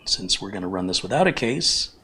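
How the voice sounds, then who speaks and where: Low-voiced man walking through a PC build. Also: sing-song, brisk, pushed and bright, breathy edge. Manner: plain-spoken, firm opinions, explains step by step. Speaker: computer technician host. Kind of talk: hands-on build tutorial.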